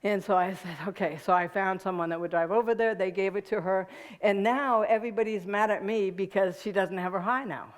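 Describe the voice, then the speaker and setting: A woman's voice: medium pitch, fairly even intonation, brisk. A woman giving a personal storytelling talk to an audience, laughing often and talking to listeners in a conversational way. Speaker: guest speaker.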